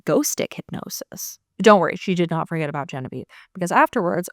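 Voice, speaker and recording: A woman's voice: on the low side, no echo, clean studio sound. A woman host giving a sarcastic, chatty book recap, full of filler words. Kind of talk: casual book recap chat.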